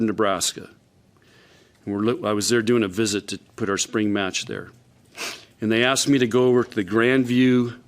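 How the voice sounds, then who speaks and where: A man, a volleyball coach, telling a folksy anecdote at a press conference. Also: lowish voice.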